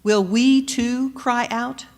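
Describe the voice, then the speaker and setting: A woman's voice: on the high side, steady tone. Woman preaching in a reverberant church. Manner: measured, questioning, builds to emphatic peaks then drops soft. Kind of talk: sermon.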